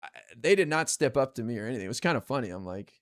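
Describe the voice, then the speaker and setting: Rambling, animated man telling a story. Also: very fast. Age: adult, calls himself too old to yell at teens. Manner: rambling and candid, with heavy fillers and profanity; animated, jumping high when quoting others. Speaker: political commentary streamer. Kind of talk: casual storytelling monologue.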